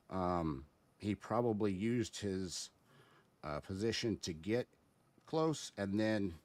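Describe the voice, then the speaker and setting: A man giving casual spoken commentary as a guest, halting and explanatory, with many fillers and restarts. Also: deep voice, a little mellow.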